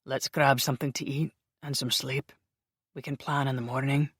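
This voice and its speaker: A surly male Highlander vampire soldier, put on by the audiobook narrator, with a thick Scottish brogue and a low, clipped growl. He sounds bossy and short-tempered, and the voice has a different timbre from the narration around it, recorded dry and close. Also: flat delivery, normal speed, a bit bright, husky, no echo. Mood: gruff.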